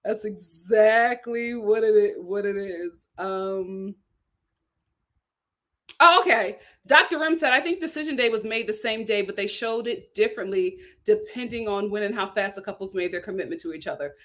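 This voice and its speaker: A young adult woman hosting a casual livestream, reading viewer comments aloud in a chatty, animated way and laughing often. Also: mid-range voice, moderate pace. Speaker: YouTube show host reading super chats.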